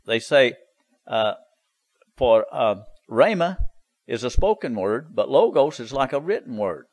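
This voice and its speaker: A man's voice: mid-range voice, big pitch swings, a little slow, darkish tone, breathy edge, dry recording, rough recording. Insistent man preaching, dry sound. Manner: insistent, repetitive, drawling "you see" asides. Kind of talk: sermon.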